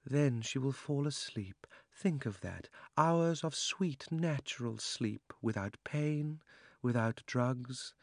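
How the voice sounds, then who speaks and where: A man's voice: medium pitch, lively intonation, takes it slowly, vocal fry, a little mellow, no echo, studio quality, voice pushed up. A man reading an audiobook, voicing a cold, cunning sorceress who coaxes and scorns, her voice sometimes sinking to a whisper. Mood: coaxing. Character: cold tempting sorceress queen, fierce and cunning.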